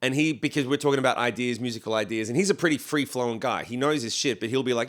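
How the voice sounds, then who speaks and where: A man, a singer-songwriter, chatting casually on a podcast, telling animated stories, acting out what others said and swearing freely. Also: medium pitch, fast talker. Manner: animated storyteller who acts out quotes, swears freely.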